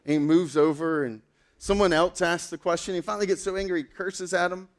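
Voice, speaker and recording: Male pastor, casual sermon storyteller with lots of "like"s. Voice sits a bit high. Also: a little fast. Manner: animated storytelling, casual with many fillers.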